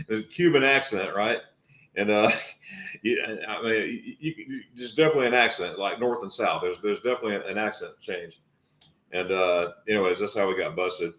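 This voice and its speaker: Man, livestream guest, low voice, halting storyteller, echoey room. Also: fairly bright tone. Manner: storytelling, halting with many repeats. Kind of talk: casual livestream chat.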